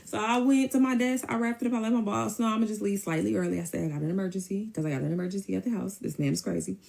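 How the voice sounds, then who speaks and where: A woman telling a personal story in a casual, animated way, with emphatic asides. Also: mid-range voice, creaky. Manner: animated, emphatic, quick to mimic others.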